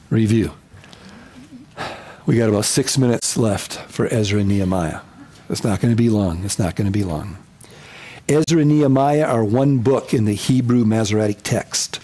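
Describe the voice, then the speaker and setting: In this lecture, a pastor leads a Bible survey class with energy, his voice medium-pitched. He goes back over the main points and now and then performs quotations in comic voices.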